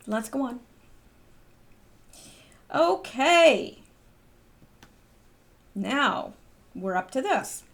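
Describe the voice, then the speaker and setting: A middle-aged woman from the United States hosting her own channel, reading posts aloud and chatting in a rambling way with lots of ums. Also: a little high. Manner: chatty, rambling, wanders off topic with filler ums. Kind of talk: casual commentary vlog.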